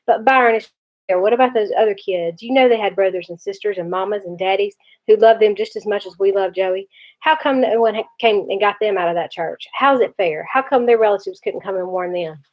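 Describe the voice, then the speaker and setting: A woman's voice: medium pitch, a little fast, natural voice. A woman reading aloud, voicing a tearful young boy who is ashamed and pleading. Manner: weepy, pleading. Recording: dull lo-fi recording.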